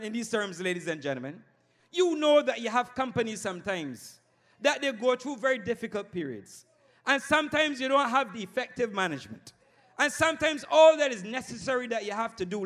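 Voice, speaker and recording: Fiery high-voiced Barbadian man orating. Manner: fiery, shouting, repeats "ladies and gentlemen". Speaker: political candidate. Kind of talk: campaign rally speech.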